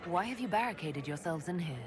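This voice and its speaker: An actress playing a calm, resolute female leader in a game, speaking in a measured, formal way. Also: lowish voice, background noise, lightly acted.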